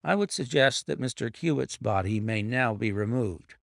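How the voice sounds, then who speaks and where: A middle-aged man reads aloud as a sharp, composed detective, setting out his reasoning in a measured, authoritative voice. His pitch is lively and his tone has a gravelly edge, and he sounds assured. The recording is dry and close.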